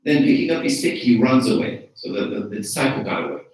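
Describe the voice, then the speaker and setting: A man's voice: mid-range voice, big pitch swings, fast, darkish tone, far from the mic. A man giving a conversational sermon as an archdeacon, engaging the congregation with frequent rhetorical questions. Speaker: archdeacon preaching. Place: church. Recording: very echoey church from afar.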